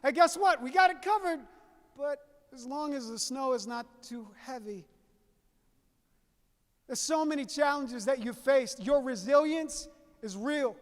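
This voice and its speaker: A man's voice: extremely high pitch, a bit bright. A man from Southeast Louisiana, giving a folksy, story-driven keynote speech to an audience he calls y'all. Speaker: keynote speaker. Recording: reverberant hall.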